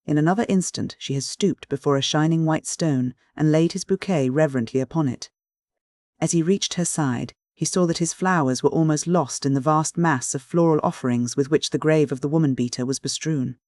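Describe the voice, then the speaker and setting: An audiobook narrator at a middling pitch, reading Victorian prose in a steady, measured manner. The sound is close and dry, recorded on a studio mic. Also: no echo. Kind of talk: scripted narration of a Victorian story.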